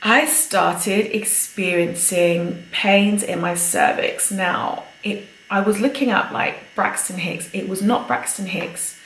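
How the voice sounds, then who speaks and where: A woman's voice: medium pitch, fairly even intonation, takes it slowly, hardly any pauses, a bit bright, echoey room, a little hiss or hum, poor audio. A chatty woman giving a pregnancy update on her vlog, a little out of breath and laughing often. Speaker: vlogger.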